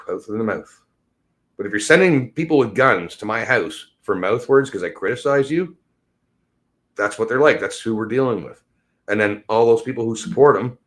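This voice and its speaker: A man hosting a podcast, ranting in a profane, rambling way that swings from low mutters to high exasperation. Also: a bit bright. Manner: agitated, sweary, rambling. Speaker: podcast host. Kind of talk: profane solo rant.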